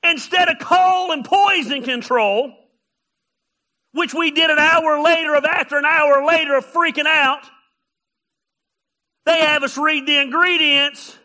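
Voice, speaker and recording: A man preaching a sermon, telling funny stories and often raising his voice to a shout. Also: very high voice, a little slow, pauses often. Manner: animated, often shouting, storytelling. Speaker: pastor.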